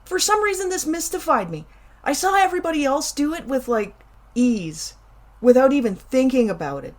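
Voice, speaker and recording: A woman's voice: sits high, big pitch swings, normal speed, darkish tone. A middle-aged woman from Canada, hosting a casual solo show and chatting animatedly through a personal story with playful emphasis and asides. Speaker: podcast host.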